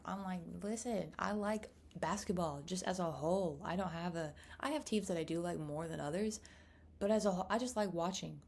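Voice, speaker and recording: Young woman vlogger, lowish voice, chatty and rambling to camera. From United States. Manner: chatty, rambling, animated asides. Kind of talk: casual chat to camera.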